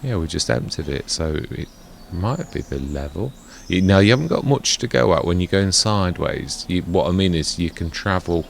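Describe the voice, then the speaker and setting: Man, chatty, self-correcting, gameplay commentary, low gravelly voice. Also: lively intonation, moderate pace, a little hiss or hum. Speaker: gaming let's play host.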